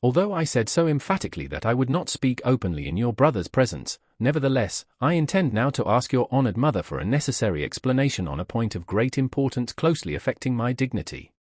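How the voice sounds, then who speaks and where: A man's voice: medium pitch, very animated, fast, few pauses, a little mellow, dry recording, studio quality. A man voicing a pompous, easily offended middle-aged suitor in an audiobook, stiff and sententious.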